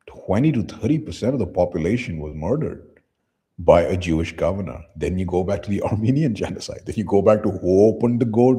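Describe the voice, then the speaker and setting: Male commentary host, deep mellow husky tone, blunt and profane delivery. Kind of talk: casual commentary reading posts aloud.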